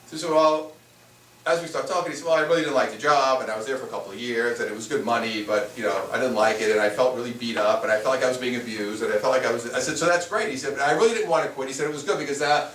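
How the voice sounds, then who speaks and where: A man's voice: mid-range voice, racing, fairly bright tone. A man, a spiritual teacher, teaching a live seminar in a conversational way and firing rhetorical questions at the room. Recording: echoey room, far from the mic, faint hiss.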